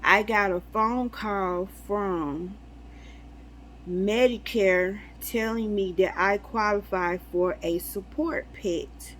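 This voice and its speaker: A woman's voice: medium pitch, slight background noise, poor audio. A woman talking casually to viewers about spiritual signs, telling stories animatedly and acting out conversations. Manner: animated storytelling, acts out dialogue, laughs often. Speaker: spiritual vlogger.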